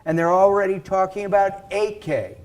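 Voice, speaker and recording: A man giving a casual live sales pitch for his coaching to an audience, talking in an animated way with fillers and restarts. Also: moderate pace, slight background noise. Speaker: video and speaking coach.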